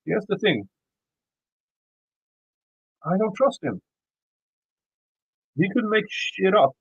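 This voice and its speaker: A man's voice: sits high, expressive, takes it slowly, breathy edge, no room sound, lo-fi sound. A man with a Swedish accent reading a legal motion aloud and commenting on it, often stumbling and repeating words as he reads. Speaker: YouTube commentator.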